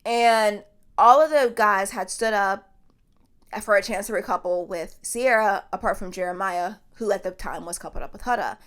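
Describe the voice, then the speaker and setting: A woman's voice: mid-range voice, moderate pace, a bit bright. A woman hosting a podcast, giving blunt, emphatic commentary in a casual chatty way and swearing freely. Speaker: podcast host.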